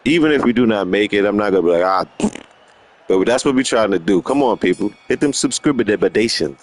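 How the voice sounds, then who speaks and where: A man's voice: fairly low pitch, animated, a little fast. A man hosting a casual live stream, bantering playfully with viewers while he plays a boxing video game. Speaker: gaming streamer.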